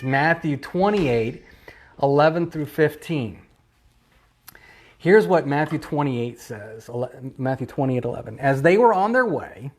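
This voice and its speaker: A man, a pastor, preaching an online sermon with emphatic repetition and rhetorical questions. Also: fairly high pitch. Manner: emphatic, repeating key phrases, rhetorical questions. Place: church, streamed online.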